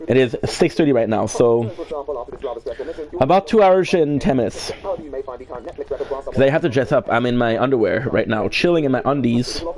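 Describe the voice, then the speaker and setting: A tired man streaming a video game live, chatting casually and rambling with lots of fillers and casual swearing. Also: medium pitch. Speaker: gaming streamer. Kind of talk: casual live gameplay chat.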